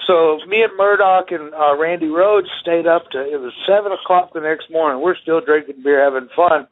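A man's voice: a little high, moderate pace. A man, a retired pro wrestler, telling rambling anecdotes in casual conversation, often laughing. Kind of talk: casual storytelling. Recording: tinny phone-like audio.

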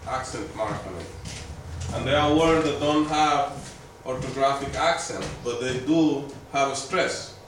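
A man teaching a language class, explaining slowly and patiently and repeating his words. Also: medium pitch, noisy background. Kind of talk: classroom lesson. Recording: very echoey room, mic far off.

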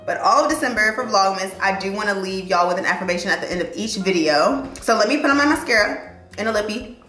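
A young woman chatting in a get-ready-with-me vlog, animated, slangy and emotional as she encourages her viewers. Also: mid-range voice, quick pace, reverberant, soft background music. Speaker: vlogger and lawyer.

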